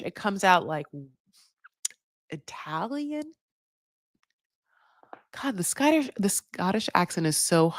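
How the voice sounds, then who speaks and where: A woman's voice: mid-range voice, sharp tone, no room sound, clean studio sound. A woman giving a casual, rambling recap of a reality show, full of "like" and "you know". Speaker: recap vlogger.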